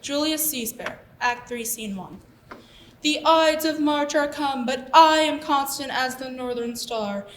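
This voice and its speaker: A hammy Julius Caesar voiced by a woman declaims in mock-Shakespearean style, high-pitched and unhurried. The echoey room has steady noise behind her. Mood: grand. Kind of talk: stage comedy acting.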